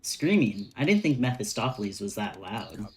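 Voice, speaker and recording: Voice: mid-range voice, measured pace. A game streamer chatting casually with their chat, laughing often while reading a story game aloud.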